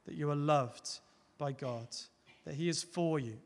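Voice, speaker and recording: A man preaching a sermon, earnest, rising to loud emphatic peaks and dropping to soft, close appeals. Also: a little high, measured pace. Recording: long hall reverb.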